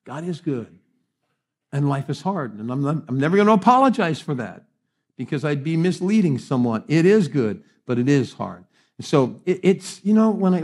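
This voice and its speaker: Animated middle-aged male pastor preaching. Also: on the high side. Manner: humorous, self-deprecating storytelling; swings between hushed and animated. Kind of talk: sermon.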